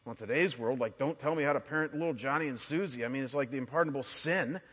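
A man in his forties, a pastor preaching a sermon and telling stories in an animated way, often restarting his words. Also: medium pitch, quick pace, husky. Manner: animated storytelling with frequent word restarts. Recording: long hall reverb.

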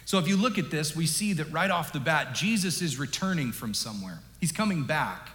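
A man in his thirties, a pastor, delivers a sermon in a relaxed, joking, conversational way. His voice sits a little high for a man, and it rings out with a long reverb in a church hall. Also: fairly quick. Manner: conversational, jokey, animated storytelling. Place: church sanctuary.

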